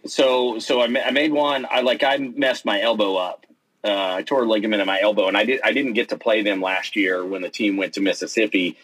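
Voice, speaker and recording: Husky-voiced man telling a story. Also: lowish voice, fairly quick, rough recording. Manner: animated storytelling, acts out quotes, many fillers and restarts. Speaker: interview guest, pennant maker and player. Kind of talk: casual storytelling in an interview.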